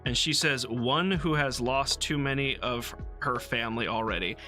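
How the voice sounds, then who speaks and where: A man with a bright, forward voice talks through a book in a relaxed livestream chat, often pausing on ums and restarting his sentences. He sounds amused by what he is recapping. Soft music plays faintly behind him. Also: mid-range voice. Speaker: book club host. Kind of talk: casual book discussion on a livestream.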